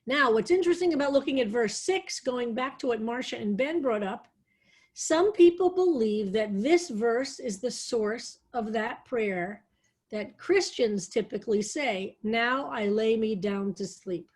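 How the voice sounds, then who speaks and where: A woman rabbi leading an online psalm study, reading verses aloud slowly and explaining them with thoughtful enthusiasm. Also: on the high side, animated, darkish tone, slightly rough. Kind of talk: online text study class.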